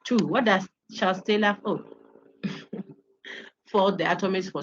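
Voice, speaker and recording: A woman's voice: medium pitch, fairly quick, highs cut off, noisy background. A woman lecturer going over quiz answers in an online class, explaining each option step by step and calling on students to read. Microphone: video call.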